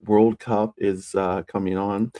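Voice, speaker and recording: Casting note: easygoing, slow-talking live streamer, warm mellow tone, rambly, sometimes nudges the voice higher. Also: flat delivery. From United States. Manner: rambling, with many fillers and restarts; plays with raising the pitch of the voice. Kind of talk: casual solo live-stream chat.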